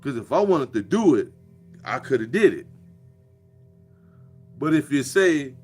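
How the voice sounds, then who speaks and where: A man's voice: medium pitch, very animated, measured pace, pauses often, a little mellow, breathy edge, faint music behind. A man, delivering a profane, preachy monologue with a mocking edge. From Chicago. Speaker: commentator. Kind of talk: casual monologue.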